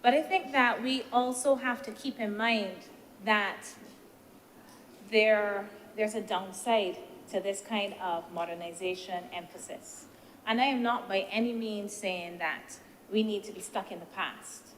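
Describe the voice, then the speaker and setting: A woman senator giving a measured, deliberative speech in a senate debate, posing rhetorical questions as she weighs the points. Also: mid-range voice, steady tone. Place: senate chamber. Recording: reverberant chamber with faint background noise.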